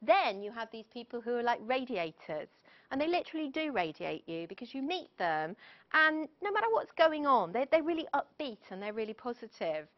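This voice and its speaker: Woman doing a motivational talk, bouncy pitch all over, higher voice, kinda dull lo-fi sound. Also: fairly quick. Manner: lively, chatty, asks the audience questions. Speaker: motivational speaker. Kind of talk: live motivational presentation.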